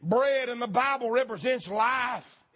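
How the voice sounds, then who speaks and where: A male preacher with a very high, husky voice delivers a fervent sermon. He often rises into shouted exhortation. His delivery is urgent and preacherly. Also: a little slow.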